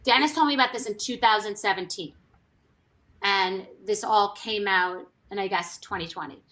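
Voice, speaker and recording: A woman's voice: medium pitch, moderate pace, a bit bright. A woman who was once on a reality TV show, telling gossip in a rambling, candid way with many restarts and asides. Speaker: former reality TV cast member. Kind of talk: casual gossip storytelling.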